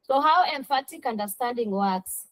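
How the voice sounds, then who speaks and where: A woman student speaks up in class with a high voice. She lays out her answer point by point. The recording is dry, with no room around it. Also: lively intonation, moderate pace, no echo, low-quality recording. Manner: lists points by number.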